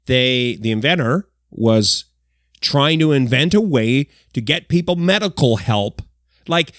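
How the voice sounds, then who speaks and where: A man hosts a comedic news countdown. His voice sits a little high and swings widely as he throws in exaggerated asides. The studio sound is close and dry. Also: dry recording. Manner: animated, jokey, exaggerated asides. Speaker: host of a countdown segment.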